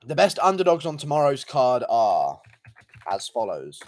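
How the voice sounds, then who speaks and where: A man's voice: medium pitch, huge pitch swings, normal speed. A young man livestreaming, reading out donations in crude, profane, mocking banter. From England. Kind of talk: casual live-stream chat.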